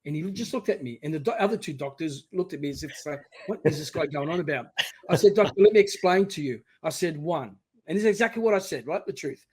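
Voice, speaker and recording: A middle-aged man speaking as a podcast guest, his voice sitting a little high for a man. He tells his story with emphatic, animated energy. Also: quick pace, breathy edge. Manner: emphatic, animated storyteller, often quoting himself. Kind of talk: personal storytelling in conversation.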